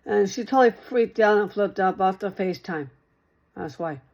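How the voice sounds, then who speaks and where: A woman's voice: mid-range voice, normal speed, darkish tone, highs cut off. A woman talking straight to one listener in a rambling monologue, repeating herself and circling back over the same points.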